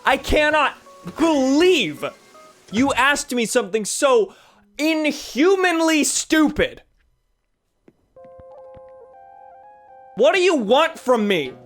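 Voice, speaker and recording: A game streamer voicing a furious adult berater, shouting in mock outrage. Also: high-pitched, sing-song, slow, faint music behind, voice pushed up, exaggerated voice. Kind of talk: comic put-on rant on a game stream.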